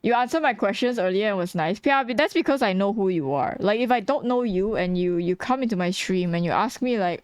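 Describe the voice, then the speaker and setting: A woman's voice: medium pitch, expressive, fairly quick, few pauses, clean tone, no echo. A young woman streaming while she draws, chatting bluntly and casually with her viewers and laughing often. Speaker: streamer and artist. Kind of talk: casual livestream chat while drawing.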